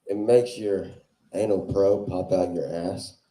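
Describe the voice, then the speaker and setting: A man doing a crude stand-up set on a club stage, loud and laughing at his own jokes. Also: sits low, steady tone, unhurried. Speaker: stand-up comedian. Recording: roomy club echo.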